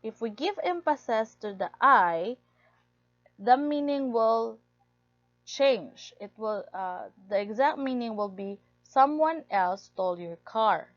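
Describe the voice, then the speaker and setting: A woman with a fairly high voice delivers a lecture at a very unhurried pace, reading from her notes and leaning on key words. The recording is dull and lo-fi, with a dry, close sound and no room around her. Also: lively intonation, no room sound. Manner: reads steadily from notes, stressing key words.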